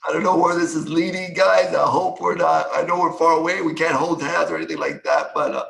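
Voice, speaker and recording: A man's voice: a little high, steady tone, brisk, creaky, fairly bright tone. A man coach hosting an online meetup, rambling and hesitant with many ums, on a video call. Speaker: agile coach and meetup host. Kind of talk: casual group chat.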